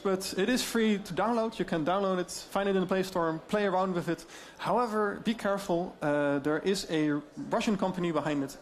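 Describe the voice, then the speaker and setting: A man with a Dutch accent giving a conference talk on deepfakes, explaining in a lively way with many fillers. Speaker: speaker on AI deepfakes.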